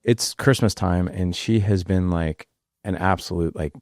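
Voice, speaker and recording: Podcast host, man in his forties: deep and gravelly, animated storyteller, restarts a lot. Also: a little slow, dry recording, clean studio sound. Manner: animated, acts out quotes, many restarts. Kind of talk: casual conversational storytelling.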